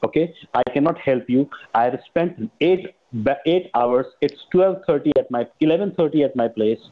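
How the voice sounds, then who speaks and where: Man caller on a phone line, impatient and pleading, mid-pitched. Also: lively intonation, moderate pace. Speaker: phone scammer.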